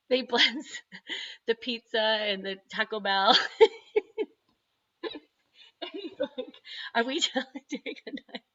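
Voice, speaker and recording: Bright-voiced mother chatting over video call. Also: medium pitch, highs cut off. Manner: chatty, animated storytelling with frequent laughs. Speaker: parent of an autistic son. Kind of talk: casual video-call chat. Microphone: computer microphone on a video call.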